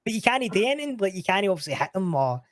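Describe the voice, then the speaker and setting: A man's voice: sits high, sing-song, fast, dry recording, studio quality. A man with a Scottish accent, a guest on a casual chat show, swearing freely and laughing through his stories. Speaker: podcast guest.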